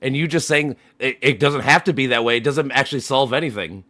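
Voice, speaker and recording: A man's voice: mid-range voice, fairly quick, sharp tone, dry recording. A man streaming a casual voice chat, arguing heatedly, swearing often and repeating himself as he presses his point.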